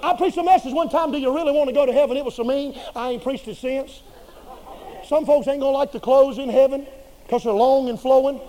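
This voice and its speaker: A man preaching a sermon in a folksy, humorous and colloquial way, swinging between quiet asides and loud bursts. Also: very high-pitched, fairly quick, slight background noise, poor audio.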